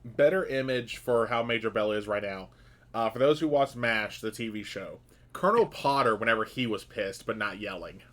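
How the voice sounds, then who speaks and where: A man narrating a tabletop game as game master, in a casual, relaxed way. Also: on the low side, moderate pace. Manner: casual, relaxed storytelling with fillers.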